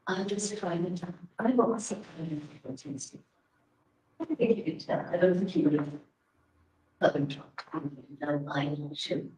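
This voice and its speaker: Slow, dark-voiced woman interviewer. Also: on the low side, lively intonation. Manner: slow, probing, halting questions. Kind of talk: recorded interview. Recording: distant mic in an echoey room.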